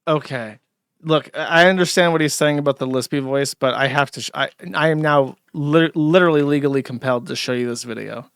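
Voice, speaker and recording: A man's voice: medium pitch, a little fast, gravelly, a bit bright, clean tone, dry recording, studio quality. A man hosting a live stream, reacting to clips with profane, sarcastic ranting. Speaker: streamer host.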